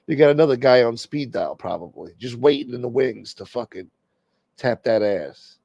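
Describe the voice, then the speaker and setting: A man in his fifties hosts a talk show, ranting in a crude, mocking way. His voice is gravelly and mid-pitched, and it sounds dry and close. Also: lively intonation, normal speed, mellow, no room sound, muffled recording. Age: 50s. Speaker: host. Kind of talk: profane comedic rant.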